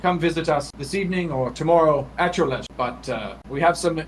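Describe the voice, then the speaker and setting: A man's voice: fairly high pitch, a little fast, lightly acted, rough recording. A man voicing a smug, scheming male noble planewalker who talks in a formal, condescending way. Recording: faint background noise.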